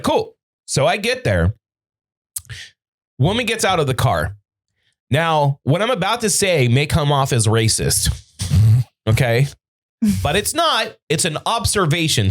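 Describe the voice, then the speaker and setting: In a studio, a male podcast host with a fairly high voice tells a story at an unhurried pace, leaving long pauses. The chat is casual and full of swearing, and he animatedly acts out the quoted lines.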